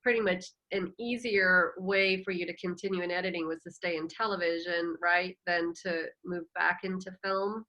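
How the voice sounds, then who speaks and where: A woman's voice: lowish voice, fairly even intonation, normal speed, few pauses, poor audio. A woman hosting an interview, asking her guest questions in a chatty, friendly way. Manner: chatty, warm-hearted questioner who laughs often. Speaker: host. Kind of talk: casual interview.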